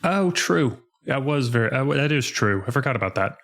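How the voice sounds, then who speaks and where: A man's voice: medium pitch, animated, brisk, fairly bright tone. A man co-hosting a podcast, talking about a video game in an easygoing way, hedging with lots of "like" and "kinda". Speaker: podcast co-host. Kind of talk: casual game discussion.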